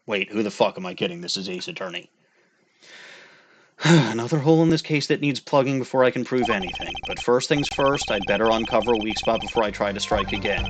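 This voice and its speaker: A man's voice: lowish voice, fairly quick. A man casually commenting on a courtroom game as he plays, with joking, exasperated asides and frequent restarts. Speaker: gameplay commentator. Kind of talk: casual let's-play commentary with read-out dialogue. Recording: game music playing behind.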